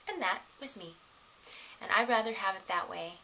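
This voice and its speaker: A middle-aged woman giving casual relationship advice to the camera, animated and laughing often as she acts out the voices of others. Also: mid-range voice, normal speed, gravelly, a little hiss or hum, rough recording.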